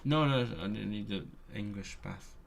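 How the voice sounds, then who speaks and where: A man's voice: fairly low pitch, unhurried, creaky, slight background noise. A man live-streaming his language study, thinking aloud and sounding out words, correcting himself as he goes. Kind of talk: casual live stream talk.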